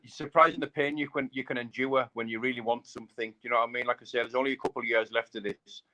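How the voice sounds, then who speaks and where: A man's voice: medium pitch, level tone, quick pace, sharp tone. A man, a bare-knuckle fighter, chatting casually and rambling, repeating himself and saying mate a lot. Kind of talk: casual live chat.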